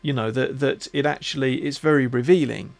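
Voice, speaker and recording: A man hosting a podcast, talking in a musing, halting way with many restarts. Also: medium pitch, creaky. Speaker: podcast host. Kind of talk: casual reflective monologue.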